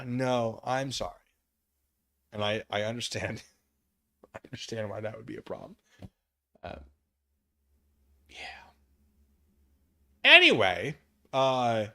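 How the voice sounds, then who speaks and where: A man's voice: mid-range voice, sharp tone. A man streaming from his living room, chatting casually and reading chat aloud, rambling and self-deprecating.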